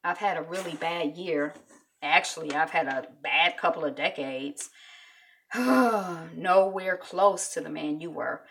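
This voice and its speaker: A regretful grown son talking to his dead father, quoted by a woman. He speaks quietly and confessionally, with sighs, in a bright voice with a gravelly crackle. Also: sits low, unhurried.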